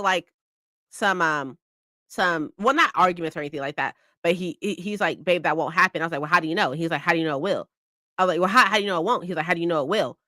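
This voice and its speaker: A chatty woman talks to her stream in a loose, rambling way, swearing freely and circling back on her words. Her voice swings widely in pitch and has a bright, forward tone, recorded dry and close. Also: no room sound. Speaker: book streamer. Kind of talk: casual live-stream chat.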